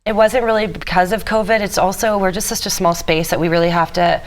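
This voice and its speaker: A woman being interviewed as a bar co-owner, answering in an earnest, explanatory way with filler pauses. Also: fairly low pitch, steady tone, a little hiss or hum.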